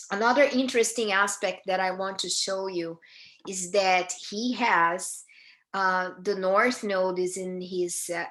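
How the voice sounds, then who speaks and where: A woman leads a live astrology talk for a group. Her voice is bright and forward, and she speaks slowly. She stops often and restarts her sentences, with many fillers along the way. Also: mid-range voice. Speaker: astrology teacher. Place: United States.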